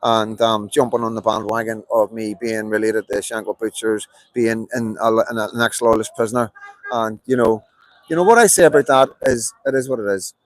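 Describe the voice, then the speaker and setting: A man's voice: lowish voice, fairly even intonation, moderate pace, dry recording, rough recording. A middle-aged man with a Belfast accent, streaming a rambling live monologue, emphatic and repetitive with many fillers. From Belfast, Northern Ireland. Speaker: livestreamer.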